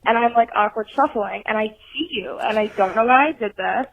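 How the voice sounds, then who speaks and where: A woman's voice: fairly high pitch, fairly quick, creaky. A woman leaving a voicemail for a podcast, telling a story in a teasing, self-conscious way. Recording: tinny phone line.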